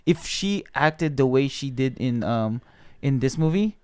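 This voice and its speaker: A man's voice: medium pitch, animated, unhurried, darkish tone, clear, resonant tone, no echo. A man co-hosting a podcast, reviewing a movie in casual chat, blunt and opinionated with plenty of fillers. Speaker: podcast co-host.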